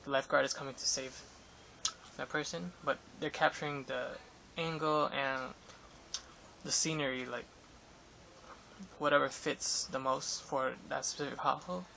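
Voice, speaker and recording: A man's voice: medium pitch, fairly even intonation, moderate pace, gravelly, sharp tone, slight background noise, rough recording. A young man in a casual vlog, recounting an interview with photographers in a rambling way, full of fillers and restarts. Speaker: vlogger. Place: Los Angeles area. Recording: music playing behind.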